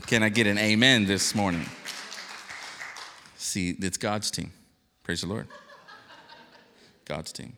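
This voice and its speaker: Deep-voiced excitable pastor in a church hall. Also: male voice, slow, pauses often, a little hiss or hum. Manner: excitable, joking, shouts and call-outs to the congregation. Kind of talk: lively church welcome and introduction. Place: church sanctuary. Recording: live church hall reverb.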